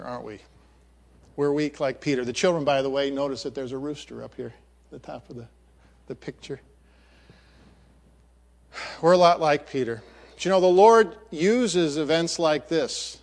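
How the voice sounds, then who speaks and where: Man preaching a story with halting repeats. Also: fairly high pitch. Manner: narrates a picture, acts out voices of the story. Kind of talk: sermon storytelling.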